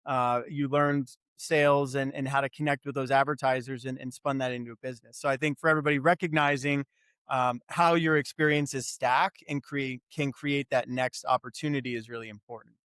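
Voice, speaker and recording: A man's voice: mid-range voice, fairly even intonation, a little fast, a bit bright, smooth, no room sound, clean studio sound. A man hosting an interview, affirming his guests and thinking aloud with restarts. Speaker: podcast host. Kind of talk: conversational interview.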